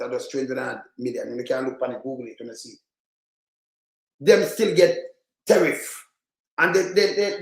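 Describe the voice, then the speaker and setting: A man's voice: fairly high pitch, echoey room. A man with a Jamaican accent delivering impassioned political commentary, repeating himself for emphasis. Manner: repetitive, emphatic, patois-heavy.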